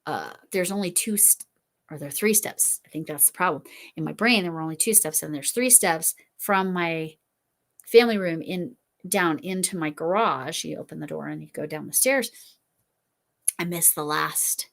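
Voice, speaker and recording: A middle-aged woman with a slightly low voice chats casually on a crochet livestream. She rambles from one thought to the next, reads out viewer comments and apologizes often. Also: normal speed, creaky, a bit bright. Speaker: livestream host. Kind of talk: casual chat while crocheting.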